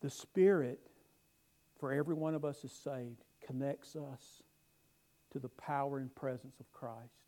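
A middle-aged man preaching a sermon, telling stories with emphatic rises and quiet asides. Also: mid-range voice, fairly even intonation, unhurried, low-quality recording. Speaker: pastor.

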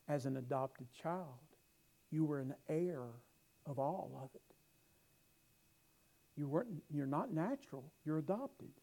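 Warm-voiced pastor preaching. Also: male voice, fairly high pitch, poor audio. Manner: storytelling, emphatic rises and sudden quiet asides. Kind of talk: sermon.

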